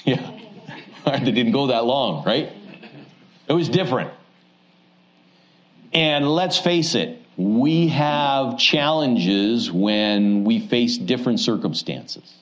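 A man's voice: medium pitch, slow, long pauses, lo-fi sound. A man, a pastor preaching a conversational Sunday evening sermon in a church, joking as he teaches. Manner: conversational and joking, with rising asides.

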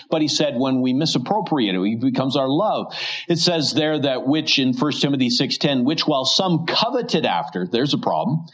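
A man preaching an expository sermon, reading scripture slowly and asking his listeners questions. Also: mid-range voice, fairly bright tone. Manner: reads scripture slowly and deliberately, asks rhetorical questions.

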